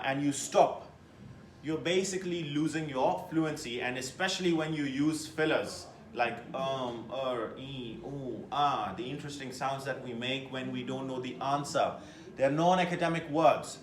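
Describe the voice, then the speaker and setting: A man teaching a test-prep class, lecturing with lively emphasis and putting questions to his students. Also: on the high side, roomy sound, slight background noise.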